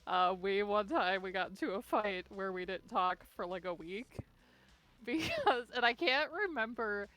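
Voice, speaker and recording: Relaxed, laughing woman podcast co-host. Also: medium pitch, unhurried, slight background noise. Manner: relaxed, laughs often, uses filler words. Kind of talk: casual chat.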